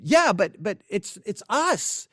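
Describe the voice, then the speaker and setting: A man's voice: high-pitched, very animated, slow pace, a bit bright, no room sound, clean studio sound. A man hosting a casual spoken commentary, emphatic, often restarting his words.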